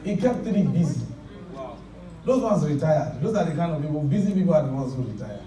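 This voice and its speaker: A man's voice: fairly high pitch, very animated, a little fast. A man preaching a sermon, telling stories with laughing asides and leading the crowd in prayer. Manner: anecdotal, laughing asides, shouts prayer lines for the crowd to repeat. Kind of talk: sermon with call-and-response prayer. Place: large church hall with congregation. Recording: echoey hall, distant, loud crowd.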